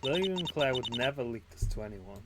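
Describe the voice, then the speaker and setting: A man's voice: medium pitch, lively intonation, brisk, very noisy, close to an everyday voice. A man reading a brash, bluffing defense lawyer. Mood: determined. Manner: brash, blunt, swears. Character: scrappy, bluffing young female defense lawyer. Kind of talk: let's play voice acting. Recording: loud game music behind.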